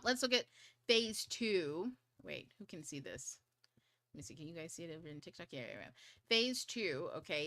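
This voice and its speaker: A woman's voice: fairly low pitch, sharp tone, no room sound. A woman hosting an online study group livestream, talking in a chatty way with frequent swearing and a few whispered asides. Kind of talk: casual livestream talk.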